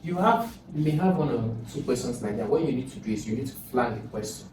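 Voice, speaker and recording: A man's voice: mid-range voice, animated, fast. A man with a Nigerian English accent tutoring for an exam, thinking aloud and repeating sounds over and over. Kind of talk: informal exam lesson. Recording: echoey room, far from mic, music behind.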